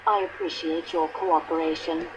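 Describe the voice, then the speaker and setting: A woman's voice: deep voice, sing-song, normal speed, creaky, noisy background, heavily acted. An actress with a French accent playing a patient young female investigator in a mystery video game, formal and clipped.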